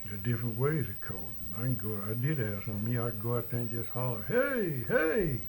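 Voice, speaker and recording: An older man, giving short, plainspoken answers in a relaxed dialect interview. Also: mid-range voice, quick pace, slight background noise, rough recording. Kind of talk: casual rural dialect interview.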